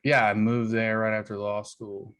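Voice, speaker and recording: A man's voice: on the low side, level tone, normal speed, a bit bright, clear, resonant tone. A man in his thirties, a guest comedian in a casual podcast chat, teasing and dry as he tells stories.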